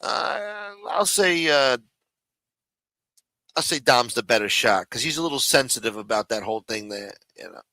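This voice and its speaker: A man's voice: mid-range voice, animated, moderate pace, bright, forceful tone, no echo, rough recording. A man hosting a live stream, ranting and mocking in casual, profanity-heavy talk. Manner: profane, mocking, rambling rant.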